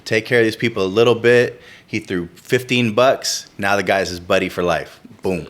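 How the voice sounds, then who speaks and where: A man's voice: fairly low pitch, fairly even intonation, moderate pace, a bit bright, a little hiss or hum. Laid-back male podcast guest, agreeable. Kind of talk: casual podcast chat.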